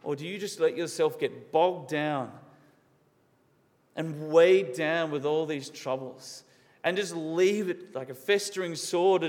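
Man preaching in a reverberant hall. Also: on the high side. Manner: earnest, asks many questions, repeats words for emphasis. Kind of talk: sermon. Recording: long reverb of a large hall.

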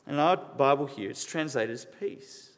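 This sermon comes from a man with a medium-pitched voice, lively intonation and a moderate pace. He preaches earnestly, posing questions and repeating important words. Long reverb from a large hall fills the recording.

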